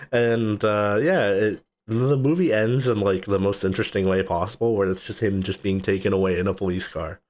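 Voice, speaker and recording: With a lowish voice and a moderate pace, this man co-hosts a podcast and chats loosely about a movie. He retells its scenes, performs quotes, laughs a lot and swears casually.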